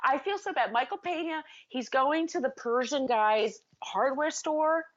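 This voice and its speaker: A woman co-hosting a podcast in casual chat, animated and acting out scenes as she retells them. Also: high-pitched, measured pace, muffled recording. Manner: animated, acts out movie characters with shouting. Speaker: podcast co-host.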